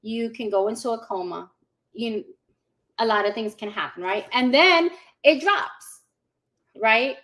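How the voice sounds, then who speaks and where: A woman in her forties, a guest in a casual interview, telling her story in an animated way, laughing often and acting out what people said. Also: fairly high pitch, unhurried. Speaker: guest giving a testimonial.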